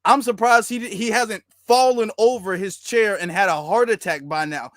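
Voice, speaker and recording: Guy doing reaction commentary, kinda high voice, sarcastic and mocking, dry close sound. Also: moderate pace, a bit bright, dry recording. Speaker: commentary channel host.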